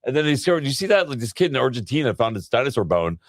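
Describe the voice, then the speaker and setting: A man co-hosting a podcast in casual chat, loose and swearing, who laughs often and jumps into high voices when he retells stories. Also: sing-song, racing, no echo. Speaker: podcast co-host.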